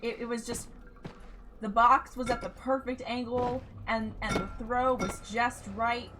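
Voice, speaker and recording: Woman game streamer, excitable and self-talking, slow delivery, noisy room ambience. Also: on the high side. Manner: excitable, swears, talks to herself while playing.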